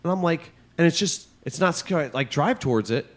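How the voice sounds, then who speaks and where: A man's voice: fairly high pitch, lively intonation, normal speed. A man co-hosting a comedy podcast, telling rambling, profane stories in casual chat. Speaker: podcast co-host.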